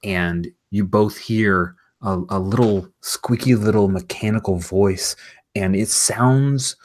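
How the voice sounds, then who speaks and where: A man with a fairly low voice runs a tabletop role-playing game, describing scenes in an excited, rambling way. He fills pauses with ums and likes and keeps the narration loose and chatty. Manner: enthusiastic, rambling, with fillers and laughs. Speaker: game master.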